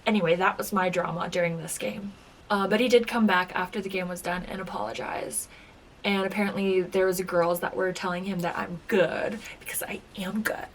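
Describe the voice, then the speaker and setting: A woman recalling her time as a game show contestant in a casual reaction video, chatty and full of filler words, sometimes dropping to a soft whisper. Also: medium pitch, moderate pace, a little hiss or hum. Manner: chatty storytelling, lots of filler "like".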